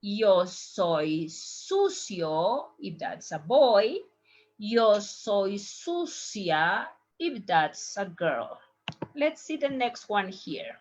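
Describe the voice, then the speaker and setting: A young Ecuadorian woman, a native Spanish speaker with an Ecuadorian accent, teaching a Spanish lesson from slides and slowly modeling pronunciation. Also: mid-range voice, highs cut off. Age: young adult. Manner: slow, deliberate modeling of pronunciation. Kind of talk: slide-based language lesson.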